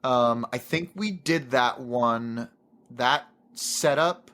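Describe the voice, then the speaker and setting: A man's voice: medium pitch, slow. A man, a guest actor, telling a story in casual chat. He restarts a lot and acts out what people said. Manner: animated storyteller, many restarts, acts out quotes.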